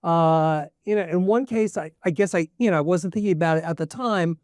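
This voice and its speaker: A fanzine writer on a panel tells long anecdotes, correcting himself along the way. His voice is mid-pitched and the sound is dry. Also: brisk, a little mellow, no room sound. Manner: rambling, self-correcting anecdotes. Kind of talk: live panel Q&A.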